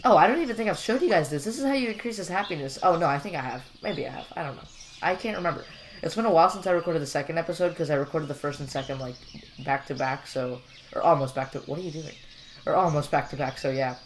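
A young man with a fairly high voice talks at a quick pace while gaming, with a faint hiss or hum on the recording. His commentary is loose and jokey, full of rambling and fillers.

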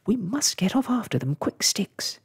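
A man voicing an eager, excitable little boy in a soft-spoken ASMR storybook reading, with quick excited cries in a raised voice. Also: on the high side, slightly rough, pitched above the performer's own voice, exaggerated voice.

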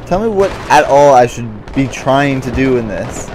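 A man's voice: medium pitch, animated, moderate pace, darkish tone, slight background noise. Frustrated guy doing gameplay commentary. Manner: confused, frustrated muttering, says "dude" a lot. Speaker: gamer.

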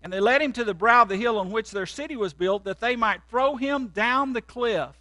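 A man, a pastor, preaching a sermon and telling stories dramatically, jumping from loud outbursts to hushed, quiet lines. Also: very high voice, fairly quick, dry recording.

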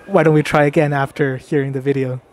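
A man's voice: a little high, little pitch movement, quick pace. A man hosting a street interview vlog, explaining plainly and asking passers-by questions outdoors in a city. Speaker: host.

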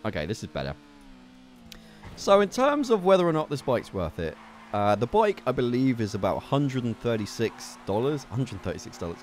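A young man giving excitable gameplay commentary as a gaming video host, swearing and laughing at his mishaps. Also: medium pitch, slight background noise. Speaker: gaming YouTuber.

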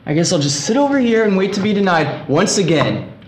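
A man's voice: high-pitched, sing-song, brisk, roomy sound, a little hiss or hum. A student actor playing a lovesick young man who pleads melodramatically with airline staff to get on a flight. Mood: resigned.

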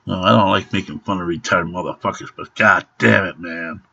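A man's voice: deep voice, fairly even intonation, brisk, vocal fry, sharp tone. A middle-aged man ranting and swearing to the camera in an angry home vlog. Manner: profane, ranting, grumbling. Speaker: vlogger. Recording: dull lo-fi home recording.

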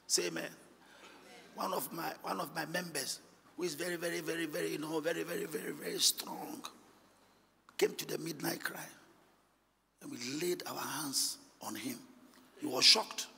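A high-pitched, gravelly male pastor, preaching a sermon that moves between hushed asides and shouted, sing-song passages. His tone is bright and cutting, and his voice rings through a large church hall with a long reverb. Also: moderate pace, pauses often.

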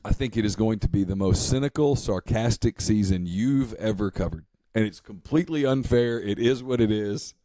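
Low, dark-voiced sarcastic man. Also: moderate pace, hardly any pauses, no room sound. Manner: sarcastic, mock-serious. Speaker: sports podcast co-host. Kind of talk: casual sports talk.

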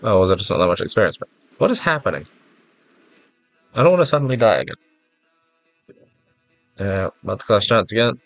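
A deep-voiced man talks through a video game in a loose, rambling way, mocking himself and getting flustered. His nose sounds stuffed up and congested. Faint game music plays underneath. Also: very animated, brisk, long pauses, no echo. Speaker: gaming YouTuber. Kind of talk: casual gameplay commentary.

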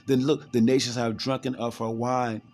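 A man's voice: medium pitch, level tone, darkish tone. Fervent street preacher man with slang. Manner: fervent, slangy, repeats words, reads verses slowly then rants fast. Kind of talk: impassioned scripture preaching.

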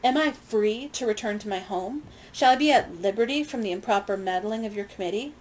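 A woman reading a smooth defiant merchant. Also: mid-range voice, fairly quick, darkish tone, natural voice, poor audio. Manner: smooth, evasive and scornful.

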